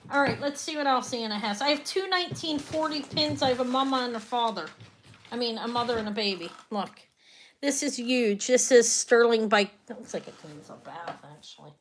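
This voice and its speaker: A woman runs a live jewelry sale, talking in a loose, rambling way that keeps breaking off and starting again. Her voice sits a little on the high side, with a faint hum of noise behind it. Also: lively intonation, fairly quick. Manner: chatty, rambling, trails off and restarts. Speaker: online jewelry seller.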